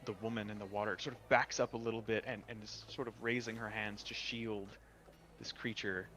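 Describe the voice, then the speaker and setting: A man's voice: lowish voice, flat delivery, brisk, a bit bright, a little hiss or hum. A man narrating a tabletop game as game master, describing scenes with small hesitations.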